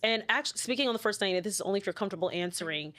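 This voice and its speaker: A woman interviews her guest on a podcast, mid-pitched and attentive. She backs the guest with quiet "mm-hmm"s and follows up with gentle, probing questions. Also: rapid-fire. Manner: attentive, frequent soft affirmations and probing questions. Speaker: podcast host.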